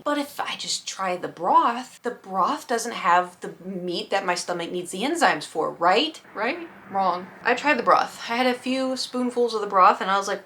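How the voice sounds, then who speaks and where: Young woman, casual storytime vlog, animated, acts out quoted lines, mid-pitched voice. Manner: animated, acts out her own past panic and friends' lines. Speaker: vlogger.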